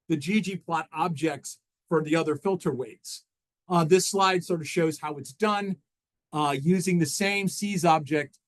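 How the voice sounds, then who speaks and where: A man talking through slides at a technical seminar. His voice sits a little high for a man. He speaks haltingly, restarting phrases and filling gaps with "uh" as he explains each step. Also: poor audio. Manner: halting, frequent restarts and fillers while walking through slides. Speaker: presenter.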